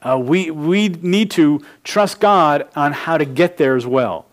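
A man's voice: on the high side, slow. A man, a pastor, teaching a verse-by-verse sermon, laying out numbered points with frequent restarts.

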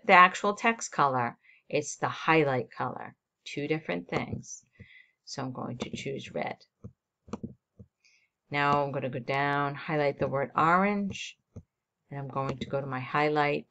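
A woman teacher walking students through a software assignment step by step on a screen recording, narrating each click. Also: low voice, vocal fry.

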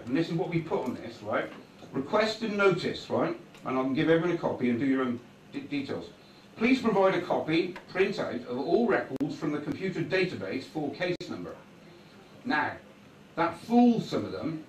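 A man's voice: on the high side, far from the mic, slight background noise. Rambling man in echoey hall. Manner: conversational, keeps checking in with "right?". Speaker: guest speaker. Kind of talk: rambling public talk. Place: meeting hall before an audience. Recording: echoey hall recorded from afar.

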